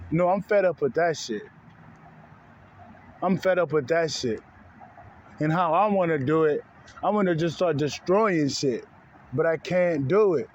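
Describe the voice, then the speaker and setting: Man, casual vlog rant, heated and profane, repeats himself, slightly high voice, faint vehicle noise. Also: darkish tone, highs cut off. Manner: heated, profane, repetitive, says bro often. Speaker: spiritual vlogger.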